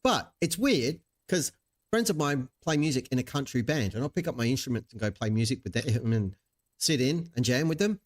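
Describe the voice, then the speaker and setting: Wry, lively-voiced man hosting. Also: mid-range voice, a little fast. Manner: wry, chatty, sarcastic asides. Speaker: channel host reacting to a video. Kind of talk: casual live-stream commentary.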